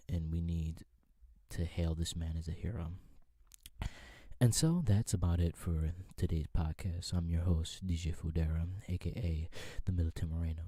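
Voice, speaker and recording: Animated, profane male podcast host. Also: dry recording. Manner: animated, profane, swings from shouting to low mumbling. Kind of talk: heated comedic rant.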